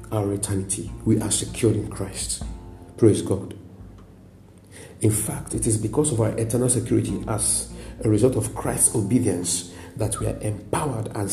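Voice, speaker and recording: A man's voice: lowish voice, normal speed, creaky, dark tone, echoey room, faint music behind. A Nigerian man preaching a sermon as a pastor, emphatic, repeating lines and adding frequent "praise God". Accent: Nigerian English.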